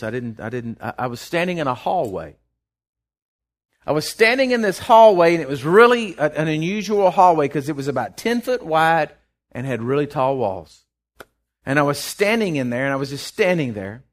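A man preaching a sermon, impassioned, rising loud then dropping soft, often restarting his words. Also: mid-range voice.

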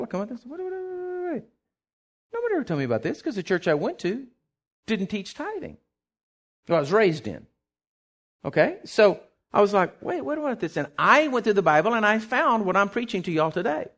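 A middle-aged pastor preaching a sermon, telling a personal story with acted-out quotes and sudden shouts. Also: male voice, high voice.

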